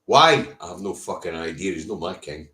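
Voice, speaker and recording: A man's voice: deep voice, expressive, moderate pace, bright, forceful tone. A man with a Scottish accent hosting a casual live stream, blunt and sweary, answering viewers' comments by name. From Scotland. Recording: roomy echo.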